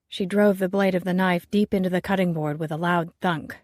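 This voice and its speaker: A woman narrating a romance audiobook in the first person, with measured, wry storytelling. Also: on the low side, steady tone, darkish tone, no echo, clean studio sound.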